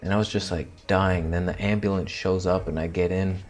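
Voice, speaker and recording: Young guy with a lowish voice telling a wild story, swears a lot, jokey, goes quiet for dramatic bits, faint music under it. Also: fairly even intonation, fairly quick. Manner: crude, joking, theatrical retelling with sudden quiet asides. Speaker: vlogger. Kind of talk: casual storytelling to camera.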